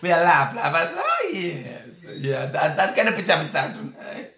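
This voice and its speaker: A man with a Guyanese Creole accent gives casual political commentary, joking as he talks straight to his listener. His bright voice swings widely up and down. The sound rings in an echoey room. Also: a little high, wildly swooping pitch, moderate pace. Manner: joking, laughing, rambling, addresses listener directly.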